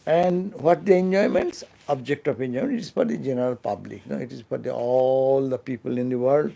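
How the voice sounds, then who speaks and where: A mellow, gravelly swami of medium pitch teaches scripture unscripted in a temple lecture hall. He moves slowly, full of false starts and fillers, his voice softening to nothing at the end of phrases.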